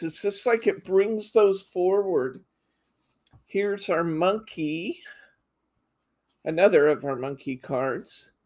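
A middle-aged woman hosting a live craft demo, chatting casually and reading out viewer comments. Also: mid-range voice. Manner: chatty, reads out viewer comments, frequent laughs. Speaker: craft show host.

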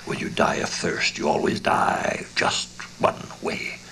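A man voicing a hospitable one-legged innkeeper in a dramatized audiobook, with a hushed, musing way of talking. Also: slow pace, a little hiss or hum, rough recording. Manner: hushed, sinister musing, slips into whispers.

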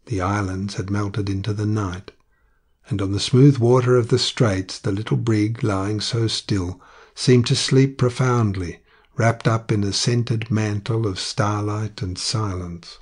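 A man narrating an audiobook in a measured, even manner. His voice is low and husky.

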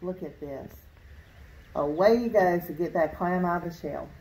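A woman's voice: lowish voice, normal speed, darkish tone. A woman teacher reading a storybook aloud to children, expressively pointing out things in the pictures as she goes. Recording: roomy echo.

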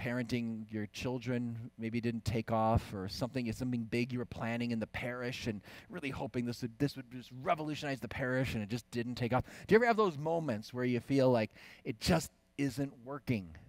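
A middle-aged man giving a faith conference talk, telling lively family stories and asking the audience questions. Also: mid-range voice, dry recording. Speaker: conference speaker.

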